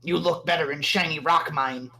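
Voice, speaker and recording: A crude goblin guard sneers at intruders in short, broken words, as a game master puts him on during a tabletop game. The voice sits at a middling pitch and stays close to the performer's own. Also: steady tone, moderate pace, creaky, pushed and bright. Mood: disgusted. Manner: sneering, simple grunting words.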